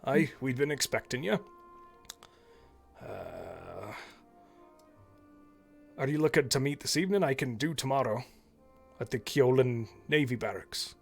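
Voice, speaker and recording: A gruff old navy admiral, put on by a man, deep and gravelly, clipping his words to "ya". He speaks over a faint bed of music. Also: expressive, unhurried, pauses often. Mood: gruff, businesslike. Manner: clipped, drops endings to "ya". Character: gruff older male naval admiral.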